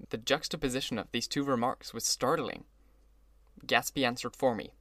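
A man's voice: medium pitch, normal speed, a bit bright, dry recording. Man reading an audiobook, dry close sound. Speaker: audiobook reader. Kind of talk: scripted narration.

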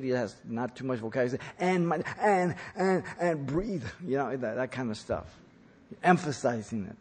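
A man preaching a teaching sermon on scripture, stressing key words loudly and then dropping to quiet asides. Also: mid-range voice, breathy edge. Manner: emphatic, swings from loud stresses to quiet asides. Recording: long reverb of a large hall.

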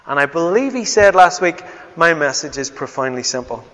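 A man preaching a sermon as pastor, swinging from loud exclamations to hushed, tender words. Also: on the high side, lively intonation, normal speed. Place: church hall. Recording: dull sound with long church reverb.

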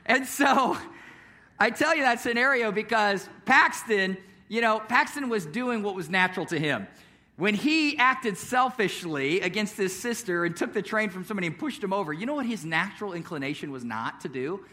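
Young guy pastor preaching, high voice, chatty with lots of ums and laughs. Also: expressive, brisk, bright, forceful tone. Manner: casual, conversational storytelling with frequent fillers and chuckles. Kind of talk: sermon with prayer and personal story. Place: church service.

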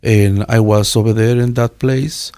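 An older pastor in his sixties from Guatemala speaks with a Guatemalan Spanish accent and a low, gravelly, dark voice. He tells his story in earnest, halting English that is full of restarts. The sound is dry and close. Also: steady tone, no room sound. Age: 60s. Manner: halting, earnest, with many restarts and learner's grammar. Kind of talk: telling his life story in an interview.

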